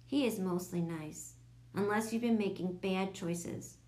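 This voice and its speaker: Woman narrator for a children's audiobook, lively and expressive. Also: medium pitch, unhurried.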